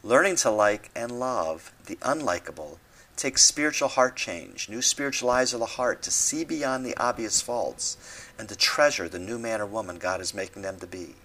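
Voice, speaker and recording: A man's voice: fairly low pitch, lively intonation, moderate pace, pushed and bright. A man reading his own devotional essay aloud, with dry humorous asides and mock translations.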